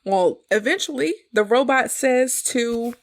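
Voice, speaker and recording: A woman co-hosting a podcast, retelling a film in casual chat and laughing often. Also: on the high side. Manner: animated retelling, quick laughs. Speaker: podcast co-host. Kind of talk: casual movie review chat.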